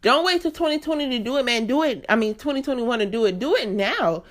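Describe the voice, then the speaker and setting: A woman's voice: on the high side, expressive, quick pace. A woman in her late twenties hosting a solo podcast, talking candidly and earnestly straight to her listeners in a chatty, emphatic way. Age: late 20s. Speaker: podcast host.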